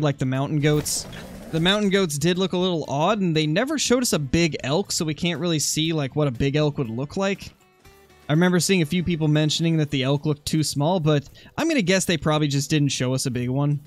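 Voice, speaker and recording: Chatty streamer man with music behind. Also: a little high. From Oregon, USA. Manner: chatty, answers chat comments while hunting. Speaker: gaming streamer. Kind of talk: casual live-stream commentary.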